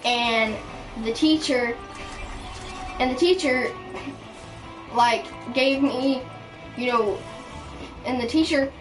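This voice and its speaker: A woman with a slightly raised pitch rambles through a storytime rant, stumbling over restarts and fillers. She sounds indignant throughout. The voice sits a little far from the mic, with clear background music underneath. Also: takes it slowly, long pauses. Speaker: storytime vlogger.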